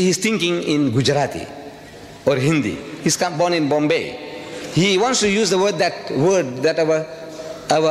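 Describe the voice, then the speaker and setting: Man, from South Africa, public lecture, emphatic, animated pitch, long hall reverb. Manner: emphatic, rhetorical questions, repetition. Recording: reverberant hall with faint ambient noise.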